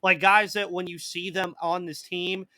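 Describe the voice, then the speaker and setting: A man's voice: high voice, little pitch movement, normal speed, sharp tone, no room sound. A man hosting a live sports podcast in casual chat, reading out viewer comments and answering them, with a slight cough. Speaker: podcast host.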